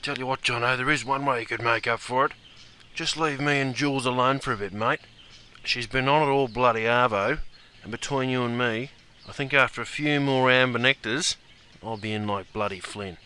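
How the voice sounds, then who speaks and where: A man's voice: mid-range voice, moderate pace, pushed and bright, clean tone, close to an everyday voice. An actor playing a cocky, boozing man with an Australian accent who is chasing a woman, talking in broad slang and swearing casually. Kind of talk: comic sketch scene.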